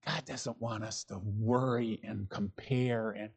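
Middle-aged guy pastor, kinda husky voice, loose chatty sermon, stops and restarts a lot. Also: lowish voice, steady tone, takes it slowly. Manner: informal, reflective, chuckling asides, frequent restarts. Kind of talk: conversational sermon.

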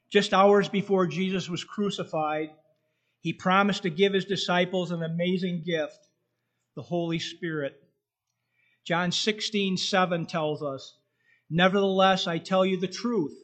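Earnest preacher man, higher voice. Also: a bit bright. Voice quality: whistling tooth. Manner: slow, earnest delivery, reading scripture aloud. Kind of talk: sermon.

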